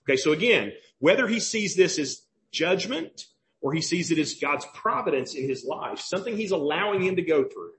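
A man's voice: high voice, a bit bright, a little hiss or hum. A man with a Southern US accent preaching a sermon as pastor, emphatic and questioning, repeating key phrases.

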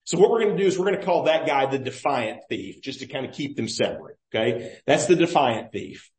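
A male pastor preaching in a roomy church, his voice echoing around the hall. He talks in an easy, conversational way, with a lively pitch that keeps rising and falling as he puts questions to the listeners. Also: fairly quick. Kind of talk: sermon. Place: church sanctuary.

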